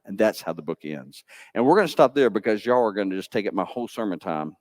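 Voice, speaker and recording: A man pastor, telling a Bible story to children in church with lively, playful asides. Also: fairly low pitch, fast talker, no echo. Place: church sanctuary.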